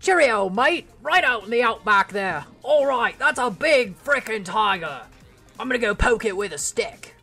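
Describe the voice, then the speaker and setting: A man's voice: high-pitched, animated, moderate pace, creaky, soft background music, voice pushed up, heavily acted. A man playing a bumbling cartoonish Australian outback guy with a clumsy put-on accent. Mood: goofy. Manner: loud, jokey, mangled accent.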